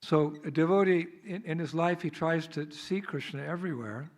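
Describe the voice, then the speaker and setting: American man, devotional sermon, chatty storyteller, somewhat high voice. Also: moderate pace. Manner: chatty storyteller, laughs often, acts out scenes. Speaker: visiting monk speaker. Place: temple hall.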